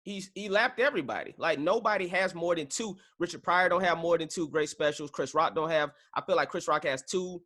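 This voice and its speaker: A man hosts a podcast in a relaxed, conversational way and freely shares his opinions. His voice is bright and forward, sitting a bit high. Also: fairly quick, few pauses. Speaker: podcast host. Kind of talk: casual chat.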